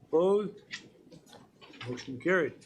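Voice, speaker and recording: A man chairing a county board meeting, briskly calling motions and votes. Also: on the high side, expressive, a little hiss or hum. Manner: brisk procedural calls for votes.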